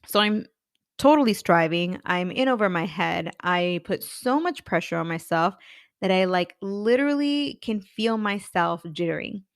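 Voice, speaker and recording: A woman's voice: medium pitch, expressive, measured pace, no echo, clean studio sound. A woman in her thirties, a career coach and podcast host, telling her own story candidly and acting out her past thoughts. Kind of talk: personal storytelling.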